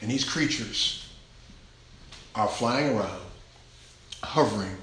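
A man preaching a sermon in a rhythmic, repetitive cadence, swinging from shouted exclamations to hushed near-whispers. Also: medium pitch, lively intonation, measured pace, slight background noise. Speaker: pastor. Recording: echoey room.

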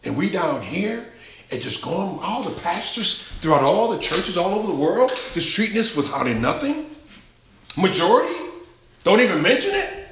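A man preaching a sermon in a rhythmic, repetitive cadence, swinging from shouted exclamations to hushed near-whispers. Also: sits high, very animated, moderate pace, a little hiss or hum. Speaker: pastor. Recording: echoey room.

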